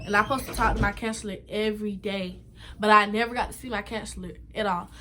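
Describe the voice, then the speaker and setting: A young woman vlogger telling a story from her own life in an animated, emphatic and slangy way. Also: mid-range voice, fast. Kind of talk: story time vlog.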